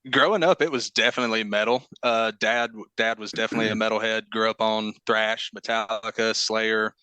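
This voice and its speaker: A man's voice: fairly low pitch, fairly even intonation, fairly quick, bright, forceful tone, smooth, dry recording. A man with a Southern Alabama accent, a band drummer chatting in a laid-back, easy way as a podcast guest. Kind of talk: casual podcast interview.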